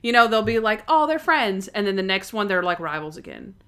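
A young woman in casual conversation, filling her talk with "like" and "you know what I mean". She co-hosts a relaxed chat recapping a TV episode. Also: mid-range voice, fast talker, clear, resonant tone. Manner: chatty, lots of "like", acts out quotes. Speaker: podcast co-host.

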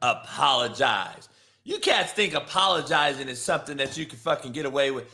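A man hosting a live morning stream, ranting profanely and confrontationally, mocking and shouting at his chat. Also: medium pitch, lively intonation, brisk. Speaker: live show host. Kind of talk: brash live-stream rant.

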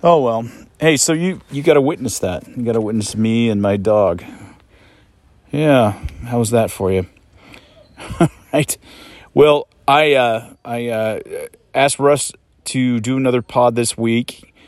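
A man's voice: medium pitch, a little slow, pauses often, darkish tone, no room sound. A man hosting a casual podcast from a campsite, rambling and joking about life on the road. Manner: joking, self-mocking, scolds his dog. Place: outdoors at a campsite in a state park.

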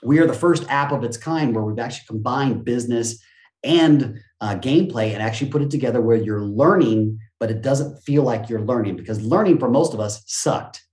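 A middle-aged man talking as an interview guest, with an energetic, expansive motivational speaker's delivery. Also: medium pitch, fairly quick. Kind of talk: animated conversational interview. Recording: roomy echo.

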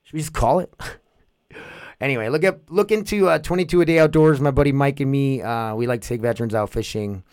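A man talks loosely and goofily, dropping swear words as he rambles through his podcast. His voice sits at a middle pitch. It is recorded dry and close, with no room sound. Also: a little fast, a little mellow, smooth, no room sound. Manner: rambling, profane, goofy. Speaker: podcast host. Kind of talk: casual podcast monologue.

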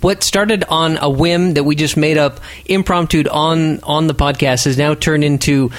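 A chatty man hosts a casual podcast with a self-deprecating, rambling manner. His voice sits a bit high for a man. The sound is dry and close to the mic. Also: fairly even intonation, moderate pace, dry recording. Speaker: podcast host.

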